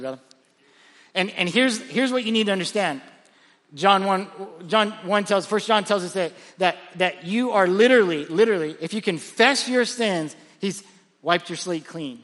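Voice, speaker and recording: A pastor preaching with a high, bright, forceful voice, lively and full of stories, often stumbling over repeated words as he restarts. He is recorded in a large church auditorium, and his voice carries a long hall reverb. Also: moderate pace. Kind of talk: sermon.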